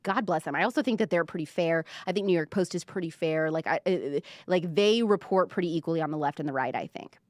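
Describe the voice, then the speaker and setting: A woman's voice: lowish voice, fast, hardly any pauses, a little mellow, no room sound, studio quality. Chatty young woman gossiping on a livestream. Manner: chatty, gossipy, heavy use of "like", reads viewer comments aloud. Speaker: livestream show host. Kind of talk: casual pop-culture commentary livestream.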